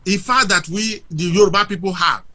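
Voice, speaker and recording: A man's voice: high voice, a little fast, sharp tone. A man speaking as a guest on a talk show, arguing emphatically in a lecturing way with rhetorical questions. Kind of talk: impassioned argument on a talk show.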